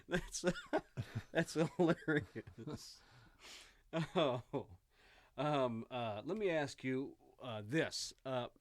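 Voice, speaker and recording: A man hosting a casual interview, asking unhurried questions and laughing along with his guest. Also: mid-range voice, no echo. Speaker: podcast host.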